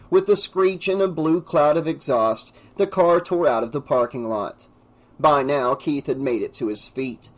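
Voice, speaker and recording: A man reading an unabridged horror novel aloud, narrating with dramatic expression and raising his voice for the characters. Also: rough recording. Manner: voices characters with raised pitch and louder shouts. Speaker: audiobook narrator.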